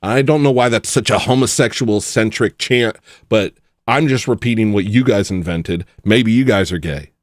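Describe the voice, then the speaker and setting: A man's voice: fairly low pitch, moderate pace, no room sound, studio quality. A man hosting a casual livestream, rambling and joking as he answers his chat. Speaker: livestream host. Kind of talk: casual livestream chat, reading viewer messages.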